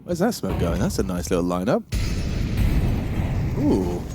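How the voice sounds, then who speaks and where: A man calling esports play-by-play in an excitable, playful way. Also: sits low, a little slow, very noisy. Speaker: esports caster. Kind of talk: play-by-play commentary. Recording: gunfire and game sounds behind.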